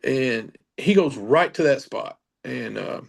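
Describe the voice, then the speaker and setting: A man's voice: mid-range voice, animated, slow pace, gravelly. A middle-aged man, a paranormal investigator, telling a casual story with many fillers and restarts.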